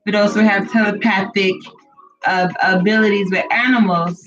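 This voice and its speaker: A chatty, encouraging co-host of a spiritual livestream, with a voice of middle pitch. The sound is dull and lo-fi, with faint music playing behind. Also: steady tone, normal speed, fairly bright tone. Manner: chatty, encouraging, greets viewers. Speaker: co-host of a live spiritual reading stream. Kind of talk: casual livestream chat with spiritual teaching.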